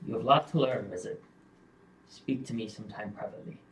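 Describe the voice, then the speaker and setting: A man's voice: on the low side, fast talker, a bit bright, slight background noise, lightly acted. A small, smug adventurer lectures his companions in a tabletop game, as a man puts him on. He sounds boastful and talks down to them. The room around him is echoey. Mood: condescending. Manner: boastful, condescending.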